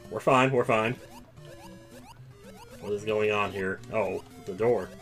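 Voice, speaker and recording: A man giving casual, excitable commentary while playing a video game, breaking into loud outbursts. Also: fairly low pitch, takes it slowly, faint music behind. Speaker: let's play gamer.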